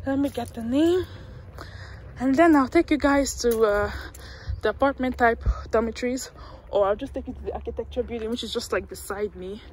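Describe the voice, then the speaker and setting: A woman's voice: a little high, slight background noise. A young woman vlogging a walking tour of a university campus outdoors, chatty and self-mocking, talking to viewers through a handheld phone. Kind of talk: casual walking vlog.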